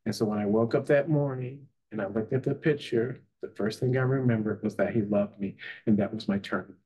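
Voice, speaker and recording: A man's voice: on the low side, brisk, dark tone, slightly rough. Earnest man telling his story. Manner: earnest, with frequent "you know" and "right?". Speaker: psychotherapist and life coach guest. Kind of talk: emotional personal storytelling.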